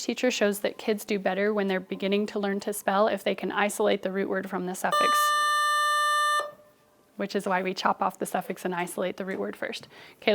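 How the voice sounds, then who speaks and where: A young adult woman teacher leading a phonics lesson with children, coaching them and adding asides to other teachers. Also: medium pitch. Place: classroom. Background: children in class.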